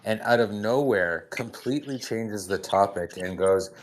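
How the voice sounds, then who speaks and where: A man from Canada co-hosting a podcast, telling a story in casual chat with lively quoted reactions. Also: fairly low pitch, measured pace. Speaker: podcast co-host.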